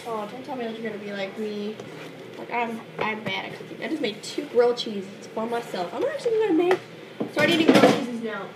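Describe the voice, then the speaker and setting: High-voiced young woman vlogging in a kitchen. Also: brisk, recorded from a distance. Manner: playful, loud bursts of yelling back. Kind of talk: casual home vlog. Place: home kitchen. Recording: echoey kitchen, loud background noise.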